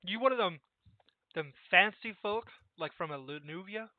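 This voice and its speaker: A man voicing a proud, gruff ship captain who guards his reputation, speaking stiffly and formally with rough folksy slips. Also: high voice, animated, moderate pace, no room sound. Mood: stern. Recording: tinny, dry voice-call audio.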